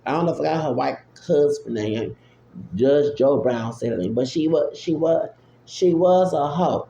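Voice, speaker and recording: A man's voice: on the high side, measured pace, gravelly, dark tone, highs cut off. A man delivering an unfiltered, profane rant into a phone app, repeating himself and breaking into exclamations. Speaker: vlogger. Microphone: phone app recording. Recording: roomy echo with faint hum.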